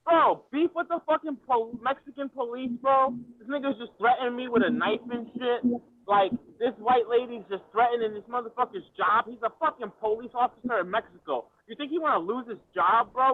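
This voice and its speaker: A man telling a story over casual chat, profane and excitable, with slangy street talk. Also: very high voice, brisk. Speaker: storyteller guest. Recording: tinny phone-like audio.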